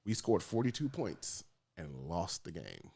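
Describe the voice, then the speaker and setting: Podcast co-host, man, low voice, animated casual rants. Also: unhurried, gravelly, slightly rough. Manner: animated, swears freely, laughs. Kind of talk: casual sports chat.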